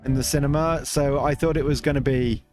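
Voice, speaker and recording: A man streams a casual game, chatting loosely, reading viewers' chat aloud, and rambling with restarts as he plays. His mid-range voice is brisk, a little mellow, and fairly even in intonation, with faint music behind.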